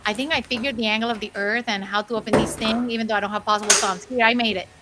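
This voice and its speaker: A woman voicing an anxious, clever male house cat in an improvised comic voiceover, muttering quickly. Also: a little high, steady tone, heavy background noise, close to an everyday voice. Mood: fretful.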